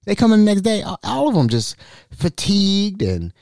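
Animated man telling a story, slangy. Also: sits high, normal speed, creaky, dry recording, studio quality. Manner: animated, slangy, acts out the people he quotes. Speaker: podcast host. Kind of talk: casual storytelling.

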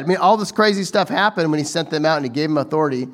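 A male preacher with a somewhat high-pitched voice delivers a loose, chatty sermon. He wanders through his points, often restarting his sentences and turning to the audience with quick asides. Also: lively intonation, a bit bright. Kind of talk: casual conversational sermon.

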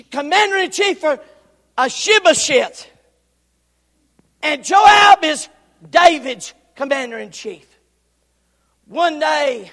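A man preaching a Sunday sermon, calling for amens and breaking into shouts as he retells the story. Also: very high voice, big-room sound. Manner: call-and-response, bursts into shouting. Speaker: pastor. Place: church.

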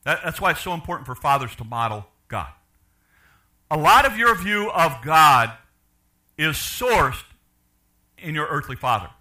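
An older man preaching a sermon, asking the congregation questions and swinging from loud to quiet. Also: fairly high pitch, big pitch swings, a little slow, pauses often. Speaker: pastor.

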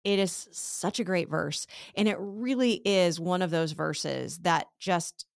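A woman's voice: fairly low pitch, expressive, slow pace, creaky, no echo, clean studio sound. A woman teaching a casual Bible lesson, retelling scripture scenes in conversational everyday speech.

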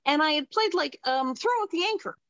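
A middle-aged woman tells showbiz stories as an interview guest, animated and ready to act out every voice she quotes. The sound is dry and close, dull and lo-fi. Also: high voice, a little fast, dry recording. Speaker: interview guest, former child actress. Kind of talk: anecdotal storytelling.

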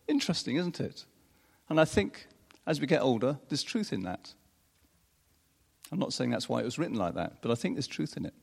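A man preaching a sermon in an unhurried, expressive way, chuckling often between phrases. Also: medium pitch, gravelly, husky. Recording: long reverb of a large hall.

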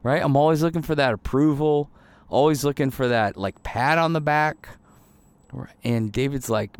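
A man's voice: fairly high pitch, moderate pace, clear, resonant tone. A man in his thirties preaching a casual, candid sermon, full of fillers and little acted-out quotes. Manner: conversational and candid, many fillers, acts out little quoted voices. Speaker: pastor.

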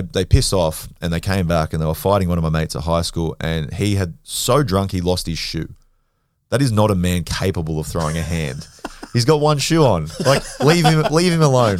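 A deep-voiced Australian man talks at a quick clip, telling stories bluntly and dropping swear words as he goes. The sound is dry and close, with no room around it. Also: no room sound. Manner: blunt, swears freely, animated retelling. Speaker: podcast guest, grappler and former rugby league player. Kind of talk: casual storytelling.

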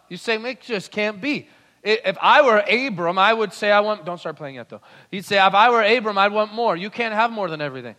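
Bright, high-voiced preacher in a reverberant hall. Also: male voice, expressive, brisk. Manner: swings from loud declaring to soft intimate murmuring. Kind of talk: sermon.

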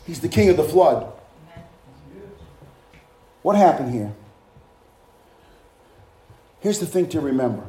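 A high-voiced male pastor delivers a fervent sermon, calling out hallelujahs between points and throwing rhetorical questions at his congregation. He is very animated yet speaks slowly with long pauses and a warm tone. His voice echoes through a roomy, reverberant space.

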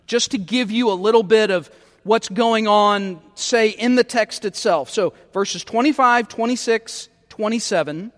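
High-voiced guy preaching a sermon, stumbles and repeats words, big reverby church hall. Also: measured pace, fairly bright tone. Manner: emphatic, repeats words when starting a phrase. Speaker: pastor.

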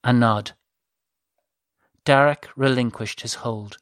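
A narrator reading a novel aloud in a measured, even way. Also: mid-range voice, dry recording, studio quality. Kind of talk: scripted audiobook narration.

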